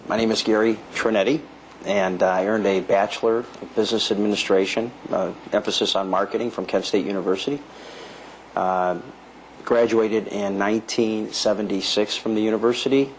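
A man in his sixties introducing himself deliberately, with some fillers. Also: on the low side, fairly even intonation, a little hiss or hum, rough recording. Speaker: company CEO. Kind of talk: formal self-introduction.

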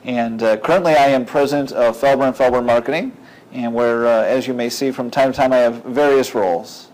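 Jokey guy doing a wry intro, middle pitch. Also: fairly even intonation, brisk, a little mellow, poor audio. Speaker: marketing company president. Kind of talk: casual self-introduction.

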